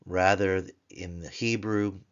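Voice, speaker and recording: A man teaching Biblical Hebrew grammar in a recorded lesson, explaining slowly and chanting word forms in a sing-song voice. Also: low-pitched, fairly even intonation, dull audio. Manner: slow, deliberate explanations.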